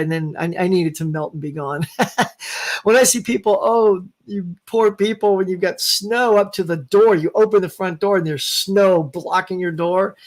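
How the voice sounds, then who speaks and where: Gravelly high-voiced male host. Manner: animated, ranting, mimics others in quoted bits. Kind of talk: casual live-stream chat.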